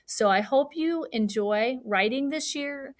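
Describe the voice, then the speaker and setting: A woman who teaches fourth grade, giving a recorded lesson to her pupils in a patient, clear way and acting out example sentences with feeling. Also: sits high, measured pace. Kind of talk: recorded remote lesson for children.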